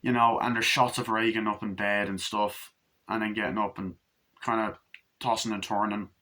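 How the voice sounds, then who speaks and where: A man's voice: lowish voice, level tone, moderate pace, bright, forceful tone. Rambling, swearing man reviewing a film. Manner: rambling, enthusiastic, heavy swearing. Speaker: movie reviewer. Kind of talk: casual film review monologue.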